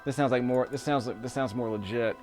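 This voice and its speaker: Soft background music plays as the man, a YouTube gameplay commentator, rambles casually through a let's-play. He speaks a little fast at a medium pitch, often chuckling between comments.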